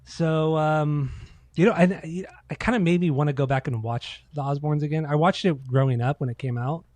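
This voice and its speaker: A man's voice: on the high side, normal speed, a little mellow, no echo. A man co-hosting a casual podcast, telling loose, profane stories and acting out quotes. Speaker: podcast co-host. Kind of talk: casual chat.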